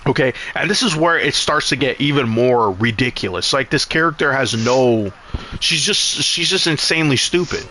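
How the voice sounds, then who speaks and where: A man's voice: mid-range voice, animated, normal speed, sharp tone, slight background noise. A man casually recapping a film while streaming a game, rambling, swearing and exasperated.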